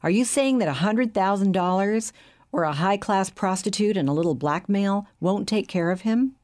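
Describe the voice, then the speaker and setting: A woman's voice: medium pitch, normal speed, a little mellow, pitched above the performer's own voice, lightly acted. A woman reading the lines of a nervous, complaining jowly banker. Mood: anxious. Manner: anxious, complaining.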